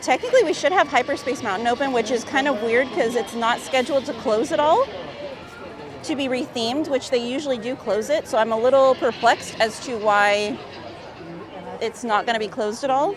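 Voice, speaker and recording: A woman's voice: a little high, normal speed. A woman live-streaming from a theme park, chatting casually and reading viewer comments aloud. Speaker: livestream vlogger. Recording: busy crowd noise outdoors. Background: park crowd noise.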